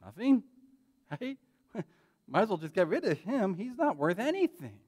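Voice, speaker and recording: A man preaching a sermon in a church, animated and conversational, often checking in with "right?". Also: high-pitched, moderate pace. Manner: animated, frequent "right?" tag questions. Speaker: pastor.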